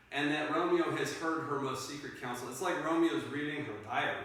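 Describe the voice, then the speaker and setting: A man teaching a play scene to a class, telling it in an animated way and directing the readers. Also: a little high. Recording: echoey room, mic far off.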